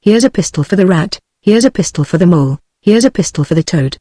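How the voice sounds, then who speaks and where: A woman's voice: fairly low pitch, moderate pace, no room sound, clean studio sound, natural voice. British TTS woman reading a fussy rat. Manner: flat synthetic delivery. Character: fussy, anxious male water rat.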